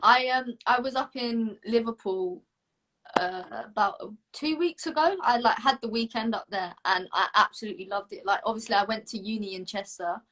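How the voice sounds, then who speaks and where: A woman's voice: on the high side, normal speed, noisy background. A young woman from the south of England hosting an interview, chatty and enthusiastic. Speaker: host. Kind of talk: casual interview chat.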